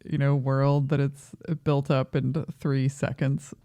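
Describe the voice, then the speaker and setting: A woman's voice: rumbling low, flat delivery, slow, dark tone, no echo, clean studio sound. A woman co-hosting a movie review podcast in casual chat, opinionated and questioning, laughing often. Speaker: podcast co-host.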